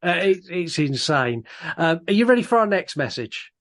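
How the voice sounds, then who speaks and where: A man's voice: a little high, big pitch swings, moderate pace, a bit bright. A man co-hosting a casual podcast, laughing easily and reading out listener messages. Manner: laughing, restarts often, reads out listener messages. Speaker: podcast co-host.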